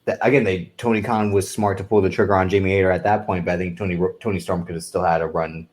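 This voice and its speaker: Guy co-host, kinda low voice, opinionated casual chat. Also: fairly even intonation, fast. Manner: opinionated, argues his picks. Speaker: podcast co-host.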